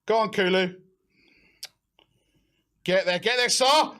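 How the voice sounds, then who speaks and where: A young man hosting a live football watch-along, excitable and shouting encouragement. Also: high voice, slow.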